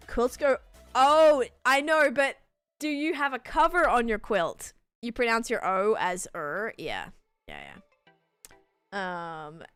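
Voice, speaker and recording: A young woman from Sydney with a softened Australian accent, chatting casually and rambling while she streams a game and answers her chat. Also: fairly high pitch, smooth.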